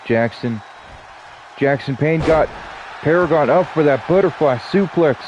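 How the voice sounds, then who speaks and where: A man calls wrestling play-by-play with a stuffy, blocked-up nose. His delivery is casual, and he slips in joking asides between moves. A steady hiss of noise sits under his voice. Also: on the high side, measured pace, lo-fi sound. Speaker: play-by-play commentator. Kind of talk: wrestling commentary.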